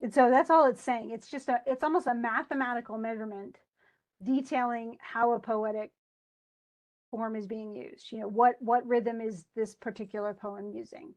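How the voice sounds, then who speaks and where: A woman's voice: on the high side, fairly even intonation, normal speed, darkish tone. A woman teacher giving a loose, chatty lecture on poetry, full of restarts and asides. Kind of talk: recorded class lecture.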